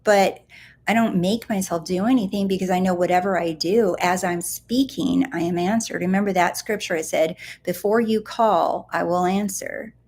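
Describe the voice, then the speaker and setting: A woman's voice: lowish voice, normal speed, a little mellow. A woman on a live stream, coaching her viewers in a playful, emphatic way and repeating words for effect. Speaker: manifestation coach.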